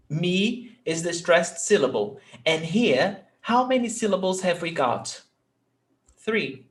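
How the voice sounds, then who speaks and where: Male language tutor, slow and patient, slightly high voice, keeps checking understanding. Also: lively intonation, a bit bright. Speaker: Portuguese teacher. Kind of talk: online language lesson.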